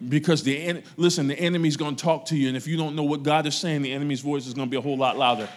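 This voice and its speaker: A man pastor preaching a sermon to his church, his loudness swinging between raised emphasis and quiet asides. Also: a little high, fairly even intonation, racing, a little hiss or hum. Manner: preaching with strong rises and drops in loudness.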